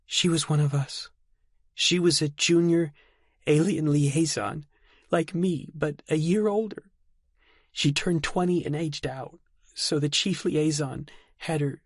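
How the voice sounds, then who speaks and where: A man voicing a frightened, tearful young woman in an audiobook, talking in breathless, rushed pleas. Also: on the high side, dry recording, studio quality, voice pushed up. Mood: sorrowful. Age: young adult. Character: young woman, frightened alien-liaison girl. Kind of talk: audiobook character voice.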